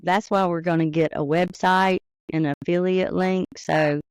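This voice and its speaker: A woman's voice: on the low side, steady tone, measured pace, clean tone, no echo. A woman from the American South, a teacher, co-hosting a casual podcast chat in an easygoing, supportive way.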